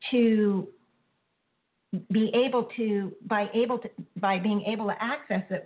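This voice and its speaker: A woman hosting a spiritual talk show, speaking earnestly in a rambling way that circles back and corrects itself. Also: medium pitch. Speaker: host. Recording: tinny phone-like line.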